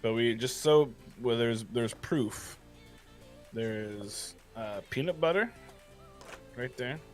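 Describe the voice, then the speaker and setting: A male co-host on a live stream, talking casually between bites of food. His voice has a middling pitch and an easygoing delivery, with faint music playing beneath him. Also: slow pace. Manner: talking while eating, relaxed.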